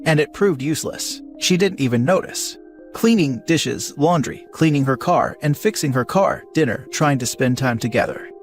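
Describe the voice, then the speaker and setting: A man reading an online post aloud as a story, with a steady, even delivery. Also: fairly high pitch, moderate pace, faint music behind. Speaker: narrator.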